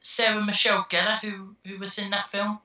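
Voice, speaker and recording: A man's voice: high-pitched, flat delivery, brisk, sharp tone, echoey room, recorded from a distance, highs cut off. A man co-hosting a casual chat, hesitant and stammering.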